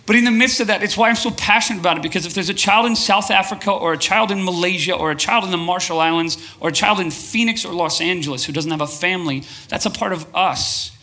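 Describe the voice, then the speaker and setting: A man preaching to a congregation in a bright, ringing voice that sits fairly high. He speaks with passion, often calls for a show of hands, and keeps restarting his phrases as he builds his point. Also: fast, few pauses. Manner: passionate, asks the crowd for shows of hands. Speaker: pastor. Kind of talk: sermon to a live congregation.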